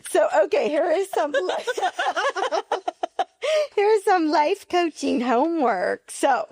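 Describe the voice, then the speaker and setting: A woman co-hosting a podcast, chatty and animated, laughing easily between points. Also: very high-pitched, slow, no echo, clean studio sound. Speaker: podcast co-host, nurse. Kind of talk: casual podcast chat.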